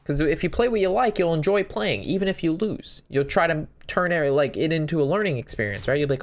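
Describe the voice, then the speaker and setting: A man's voice: on the high side, animated, a little fast, few pauses. Man casually thinking aloud over a card game. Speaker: game streamer. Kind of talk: casual gameplay commentary.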